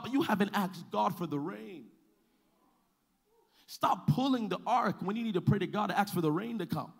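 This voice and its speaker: High-voiced man preaching a fiery sermon. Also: a little fast, slightly rough. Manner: preaching with rising shouts and sing-song cadence. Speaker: pastor.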